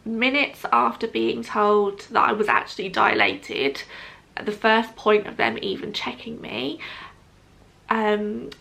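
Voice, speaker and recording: A woman's voice: a little high, animated, slow, vocal fry, pushed and bright. A young adult woman telling a personal story to camera in a chatty, casual way, with frequent ums, often quoting what others said. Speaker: vlogger.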